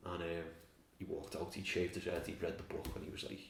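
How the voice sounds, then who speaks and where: A man's voice: low-pitched, completely flat delivery, quick pace, gravelly, few pauses, a little hiss or hum. A man chatting casually about films, telling stories and swearing freely. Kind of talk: casual film chat. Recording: roomy, distant from mic.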